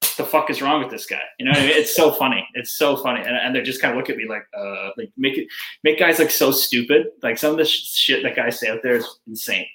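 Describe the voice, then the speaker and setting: Blunt, bright-voiced hockey player. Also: male voice, medium pitch, fast talker, echoey room, low-quality recording. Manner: blunt, animated storytelling with swearing. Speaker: professional hockey player, guest. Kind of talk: casual interview chat.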